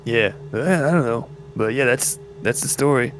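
A man's voice: mid-range voice, moderate pace, soft background music. A man running a tabletop game as game master, talking in a hesitant, rambling way.

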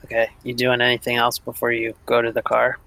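A man's voice: mid-range voice, completely flat delivery, fairly quick, pushed and bright, low-quality recording. A man narrating casually as game master, with loose phrasing and fillers.

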